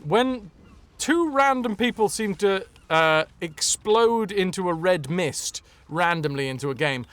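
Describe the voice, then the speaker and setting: A man's voice: high-pitched, expressive, a little slow, fairly bright tone, no echo. A young man streaming a video game, chatting and joking playfully as he plays. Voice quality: jokey, playful, sings snippets. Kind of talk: live game commentary.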